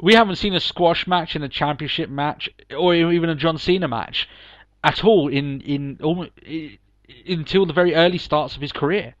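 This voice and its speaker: A man's voice: on the high side, moderate pace, fairly bright tone, no room sound, muffled recording. A man co-hosting a podcast, chatting casually and emphatically, laughing often. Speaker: podcast co-host. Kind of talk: casual wrestling review chat.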